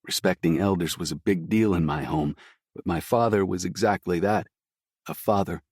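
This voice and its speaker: A man with a deep, low voice reads a first-person story in a slow, somber way. The sound is dry and close, with no room around it. His reading is scripted and steady. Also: slightly rough, no echo. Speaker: audiobook narrator.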